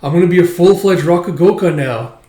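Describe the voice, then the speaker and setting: A determined young woman storyteller, read out by a man, earnest and firm. The voice sits a little high. An echo from the roomy space surrounds it. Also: brisk, mellow, lightly acted.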